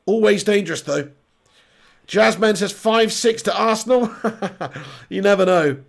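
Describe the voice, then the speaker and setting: Whenever a scoring chance comes, the watch-along host breaks into fast, excited play-by-play. Otherwise he chats through the live football match, reading comments and swearing casually in a high-for-a-man, gravelly voice.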